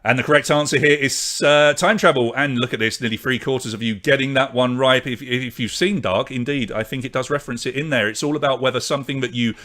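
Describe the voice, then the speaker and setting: Running a live pub quiz online, the British host briskly calls out questions, answers and scores and chats with the audience. His voice is medium pitch and a bit bright.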